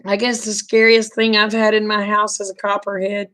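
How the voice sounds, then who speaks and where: A middle-aged woman, telling a folksy story in a casual, animated way and acting out the quoted dialogue. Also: medium pitch, normal speed. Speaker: vlogger telling stories.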